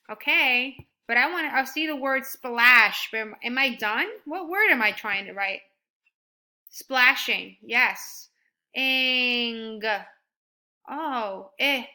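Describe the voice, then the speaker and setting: A woman teaching a first grade writing lesson, sounding out words slowly and praising her students. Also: a little high. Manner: slow and deliberate, sounding out words; encouraging, animated when praising.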